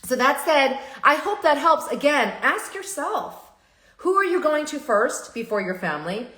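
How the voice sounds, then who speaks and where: A woman therapist hosting a live stream, talking in an animated, chatty way and often stopping to restart her sentences. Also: high voice, unhurried. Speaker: therapist and show host. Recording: roomy echo.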